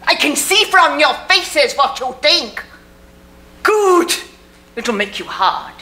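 A hard-edged old grandmother, steely and unbending, her voice high and bright, swinging widely as she talks slowly and deliberately, as a woman plays her on stage. The sound is roomy, picked up in a theater. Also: big pitch swings, exaggerated voice. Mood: cold. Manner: hard, clipped, commanding. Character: stern old immigrant grandmother, iron-willed. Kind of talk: community theater stage acting.

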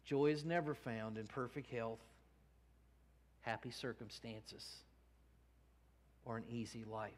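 A male pastor preaching a sermon in a church, earnest, rising from hushed to emphatic. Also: medium pitch, slow pace, long pauses. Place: church sanctuary. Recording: long church reverb.

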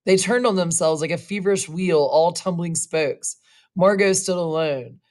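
A woman reading a short story aloud, slow and expressive, now and then adding casual asides. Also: on the low side. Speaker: reader.

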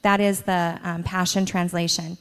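A woman's voice: fairly low pitch, flat delivery, normal speed, creaky, smooth. A middle-aged woman being interviewed at church, telling stories about her children with frequent laughter. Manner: warm storytelling with frequent laughs. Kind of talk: church stage interview, storytelling. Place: church sanctuary. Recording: long reverb of a church hall.

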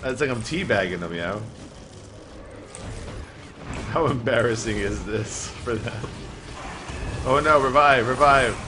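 A man streaming a game live, trash-talking other players with loud, profane, joking outbursts. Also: medium pitch, expressive, normal speed, background noise. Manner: brash trash talk with loud outbursts and laughter. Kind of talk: profane live gameplay commentary.

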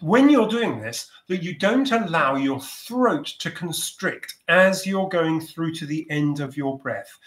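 Guy running a choir warmup on a video call, slow and gentle, echoey room. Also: fairly high pitch. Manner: gentle, encouraging instructions. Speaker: choir vocal coach. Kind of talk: guided vocal warm-up over video call.

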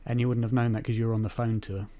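A man hosting an interview over a video call, asking halting, soft-spoken questions. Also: mid-range voice, little pitch movement, a little hiss or hum. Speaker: podcast host.

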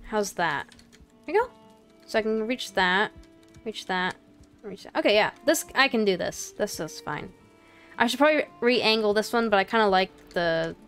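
A woman chats her way through a game, narrating what she does and talking straight to the creatures she meets. Her voice sits at a middle pitch, playful and rambling, with light apologies and jokes. Faint music plays underneath. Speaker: gaming channel host. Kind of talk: casual gameplay commentary.

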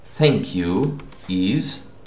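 A man's voice: fairly low pitch, expressive, very slow, a little hiss or hum. A man teaching a language lesson, patiently explaining and repeating words, often checking in with "okay?". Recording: echoey room.

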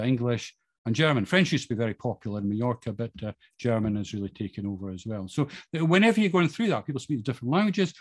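A man's voice: mid-range voice, no echo. A middle-aged Scottish man talking casually about his life, rambling with many fillers and restarts. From Scotland. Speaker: podcast guest. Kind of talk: casual monologue.

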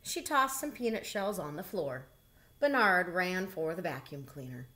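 Woman storybook reader, gentle and unhurried, lively pitch range. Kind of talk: children's story read-aloud.

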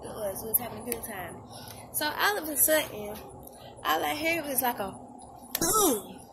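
A woman vlogger telling a story in casual slang, animated and laughing as she talks, recorded outdoors. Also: on the high side, normal speed, creaky, over music.

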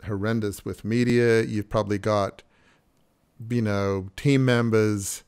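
A male podcast host with a lowish voice talks in a loose, rambling way. He thinks aloud as he goes, restarting his sentences and circling back to his point. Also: steady tone, slow pace, a little mellow, clear, resonant tone. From Australia. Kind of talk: conversational interview.

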